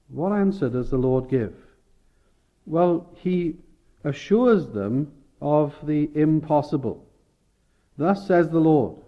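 A man's voice: mid-range voice, lo-fi sound. A man preaching a sermon, explaining scripture and rising to emphatic peaks. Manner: expository, rising with emphasis, self-correcting.

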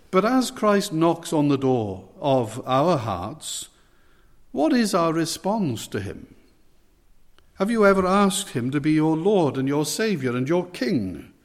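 A man's voice: fairly high pitch, in a large hall. A man preaching an evening sermon, earnestly putting direct questions to his listeners.

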